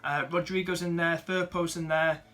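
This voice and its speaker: A man's voice: fairly high pitch, flat delivery, normal speed, bright, forceful tone. A young man, chatting casually as he rates viewers' fantasy football teams, with lots of fillers and friendly asides. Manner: chatty, upbeat, many fillers, calls viewers mate and dude.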